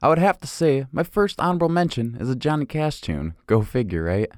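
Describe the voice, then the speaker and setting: A man's voice: mid-range voice, expressive, fairly quick, a little mellow, no room sound, studio quality. A man co-hosting a music show, friendly, presenting his song pick and quizzing listeners. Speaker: co-host.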